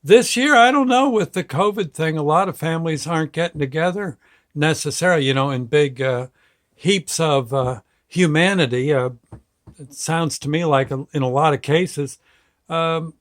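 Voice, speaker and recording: A man's voice: a little high, normal speed. A man in his sixties hosting his own show, telling a family memory in a rambling, folksy way, chuckling between phrases. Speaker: show host. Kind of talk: casual storytelling monologue.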